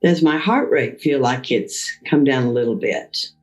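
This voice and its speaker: Gentle woman guiding slow breathing. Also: very deep voice, soft background music, rough recording. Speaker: mindfulness leader. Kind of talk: guided Christian mindfulness session.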